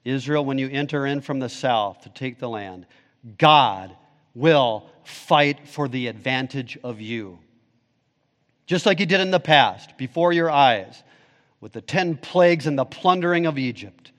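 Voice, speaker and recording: A man's voice: animated, unhurried. Preaching man in a reverberant hall. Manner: emphatic preaching, rising for questions and dropping low and soft for key points. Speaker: pastor. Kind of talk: sermon. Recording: long reverb of a large hall.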